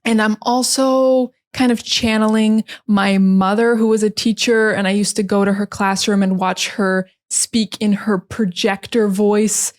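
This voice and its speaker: A young woman from the United States with a standard American accent speaks close to the microphone. She chats in a calm, relaxed podcast style, teaching English with easy fillers and an even, friendly pace. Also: medium pitch, unhurried, few pauses.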